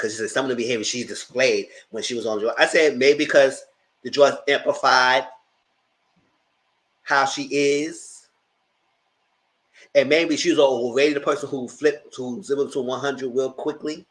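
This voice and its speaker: A man hosting a casual TV review, talking in an animated, blunt way and swearing freely. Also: medium pitch, rough recording. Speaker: show recap host.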